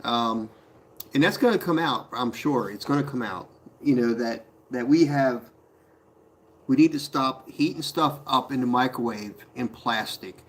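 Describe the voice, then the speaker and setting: Speaking unhurriedly in a medium-pitched voice, a man hosts a relaxed live stream from his pottery studio. He reads comments aloud, greets viewers by name, and laughs a lot.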